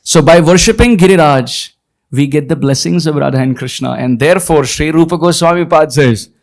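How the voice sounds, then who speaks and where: A man giving a devotional lecture to an audience, expressive, slowing to chant verses. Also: fairly high pitch, vocal fry. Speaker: spiritual lecturer.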